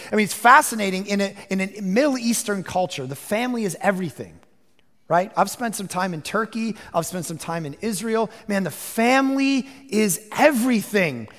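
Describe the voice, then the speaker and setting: High-voiced animated man preaching, gravelly edge. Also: long reverb tail. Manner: animated preaching, swings from hushed to shouting. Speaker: pastor. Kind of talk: sermon.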